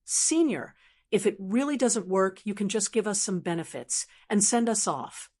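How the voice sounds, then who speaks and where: Wronged young male fighter, hurried and pleading, voiced by a woman narrator; audiobook. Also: medium pitch, animated, darkish tone, close to an everyday voice.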